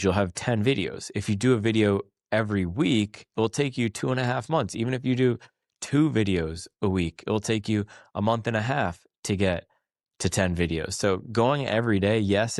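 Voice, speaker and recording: An American man hosting a podcast, giving casual motivational advice with energy and quick self-corrections. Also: lowish voice, darkish tone, dry recording, studio quality. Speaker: podcast host. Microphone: small wireless clip-on mic.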